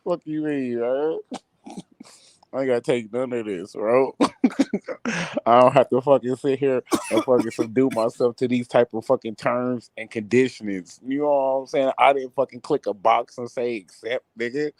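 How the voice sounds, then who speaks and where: Man, casual stream banter, loud, profane, laughing, dry mic. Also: mid-range voice, normal speed, dry recording. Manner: loud, profane, laughing, riffs into mocking voices. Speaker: podcast co-host.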